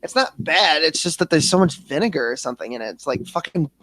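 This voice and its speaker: A man's voice: on the high side, animated, fast talker, pushed and bright, no room sound. A man hosting a casual livestream chat, crude and self-mocking, swearing constantly. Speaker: livestream host.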